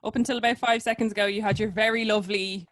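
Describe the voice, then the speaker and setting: A woman's voice: medium pitch, fairly even intonation, fast talker, a bit bright, dry recording. Teasing woman podcast host. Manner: teasing, friendly questions. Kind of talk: casual chat.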